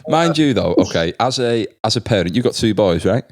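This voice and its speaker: A man's voice: lowish voice, animated, a little fast, no echo, studio quality. A man hosting a casual podcast chat, jokey and full of fillers. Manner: jokey, laughs often, filler-heavy. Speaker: podcast host.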